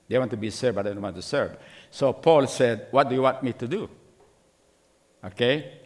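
A middle-aged pastor with a medium-pitched, slightly mellow voice moves at a moderate pace through his sermon. He asks the congregation many questions and gives voice to the characters in the scripture story.

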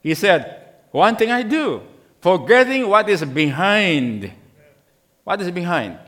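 A man's voice: high-pitched, big pitch swings, slow, a bit bright. A middle-aged man preaching a sermon as pastor, asking the congregation many questions and acting out voices from scripture. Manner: acts out voices in the scripture story.

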